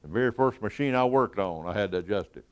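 Male preacher, emphatic evening sermon, repeats words for weight, trails off low. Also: lively intonation, quick pace. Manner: emphatic, with repeated words and falling phrase ends.

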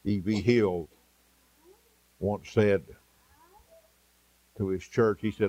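A man preaching an evening sermon, with a rhythmic delivery that rises for emphasis and drops soft and low. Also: fairly even intonation, extremely slow, pauses often.

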